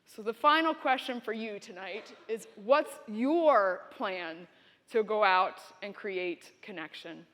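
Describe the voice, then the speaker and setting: A woman giving a keynote speech, telling a story in an animated, dramatic way. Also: mid-range voice, slow pace. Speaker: keynote speaker. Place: conference hall. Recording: reverberant hall.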